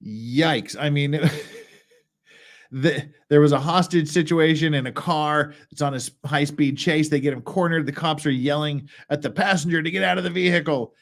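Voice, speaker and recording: A US man hosts a casual livestream about legal cases, reading out documents and adding blunt, wry remarks as he rambles. His voice is a little high and he speaks at a moderate pace.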